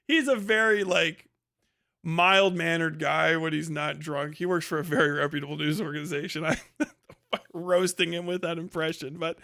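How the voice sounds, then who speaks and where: A man's voice: high-pitched, normal speed, a bit bright. A male livestream host telling a rambling, profane story in a casual way, with lots of filler words.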